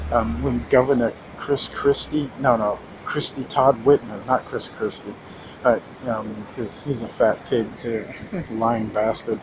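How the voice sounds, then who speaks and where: A man's voice: mid-range voice, background noise. A man ranting in a casual, rambling monologue, cursing often and restarting his sentences. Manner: rambling, profane, many restarts and fillers.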